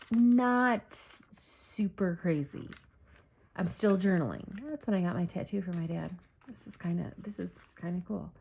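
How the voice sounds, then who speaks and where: Woman, casual vlog chat, rambling, self-correcting, filler words, near tears, mid-pitched voice. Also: breathy edge. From Michigan, USA. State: holding back tears. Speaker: journaling vlogger. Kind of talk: casual personal talk.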